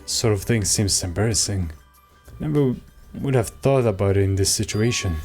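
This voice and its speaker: A man's voice: fairly low pitch, normal speed, a little mellow, soft background music, close to an everyday voice. A man reading a doubtful young hero's inner monologue from a game. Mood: reflective. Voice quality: inner-monologue, reflective delivery. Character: doubtful young male student narrator.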